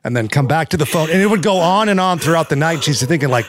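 A man's voice: a little high, expressive, a little fast. A man co-hosting a podcast, telling stories in a rambling, joking way. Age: young adult. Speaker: podcast co-host. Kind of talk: casual podcast chat.

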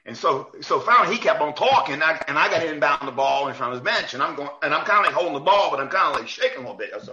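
Man, referee guest, animated storytelling, sharp forceful tone, mid pitch, dull lo-fi recording. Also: racing, few pauses. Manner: lively anecdotes, acts out quoted lines, many restarts. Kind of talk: animated storytelling in a podcast chat.

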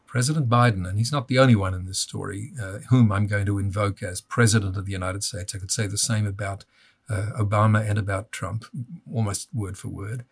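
Older male guest, husky, fired-up and impassioned. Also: on the low side, steady tone, fairly quick. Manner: indignant, impassioned. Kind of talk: interview conversation.

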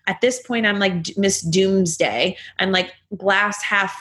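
A woman in casual conversation, telling a personal story in an animated, dramatic way and leaning heavily on "like". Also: medium pitch, measured pace. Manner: animated, chatty, leans heavily on "like"; dramatic, acts out the dialogue she quotes.

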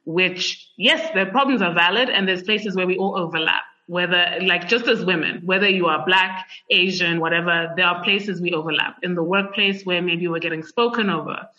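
A bright, forceful young woman from Zimbabwe chats as an interview guest, full of fillers and lively asides. The recording sounds dull and lo-fi. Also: on the low side, moderate pace, few pauses. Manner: chatty, many fillers, animated. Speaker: podcast guest. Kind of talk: conversational interview.

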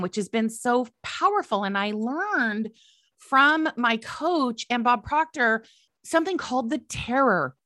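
A woman coach and podcast host giving an animated motivational talk, emphatic and repeating her phrases. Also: fairly high pitch, no echo, studio quality.

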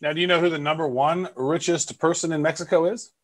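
A man's voice: on the high side, fairly even intonation, fast talker. A man co-hosting a casual podcast, chatty and rambling with fillers. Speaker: podcast co-host. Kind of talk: casual chat.

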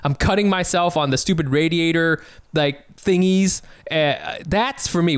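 A man with a smooth, clear voice, pitched a bit high, rambling through silly stories on a comedy podcast. His sound is dry and close to the mic. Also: normal speed, dry recording. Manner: rambling, silly, bursts into laughter. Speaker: podcast co-host. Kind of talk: casual comedic chat.

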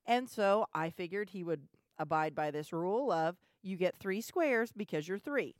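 A woman telling a family story in casual chat, animated, with stammering restarts. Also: fairly low pitch, moderate pace, dry recording, clean studio sound. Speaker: podcast co-host, mother.

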